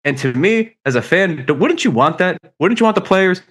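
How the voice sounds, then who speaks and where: A young man co-hosting a sports podcast, arguing loudly and swearing as he rants. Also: sits high, moderate pace. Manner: animated, ranting, swears often. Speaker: podcast co-host. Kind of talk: heated sports debate.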